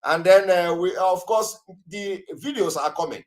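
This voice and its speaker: A man's voice: high voice, measured pace. Emphatic man hosting a call-in broadcast. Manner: emphatic, repeats himself, many fillers. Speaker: broadcast host taking callers.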